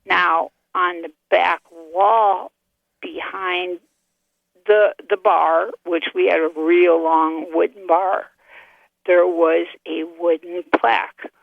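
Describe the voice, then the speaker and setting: An older woman tells a ghost story over a tinny, dry phone line, her voice gravelly and worn. She talks in a chatty, animated way, acting out every exchange. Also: fairly low pitch, slow pace, no echo. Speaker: caller. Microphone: telephone.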